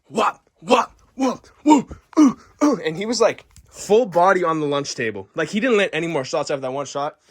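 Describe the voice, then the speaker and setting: A young man who talks very fast and sits a bit higher in pitch than most men. He tells his story boisterously, swearing constantly and acting out every move. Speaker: vlogger. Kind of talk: profane comic storytelling.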